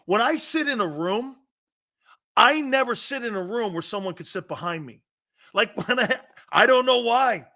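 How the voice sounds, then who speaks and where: A middle-aged man hosting a sports talk show, telling stories in a lively casual way and slipping into quick mob-movie impressions. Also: very high-pitched. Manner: animated storytelling, quick mob-movie impressions, laughs often. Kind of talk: casual chat.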